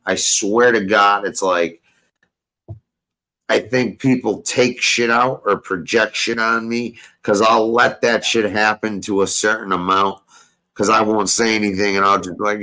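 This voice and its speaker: A man's voice: lowish voice, steady tone, measured pace, bright, forceful tone, poor audio. A young man hosting a casual talk show, telling a rambling story full of profanity and street slang. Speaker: podcast host.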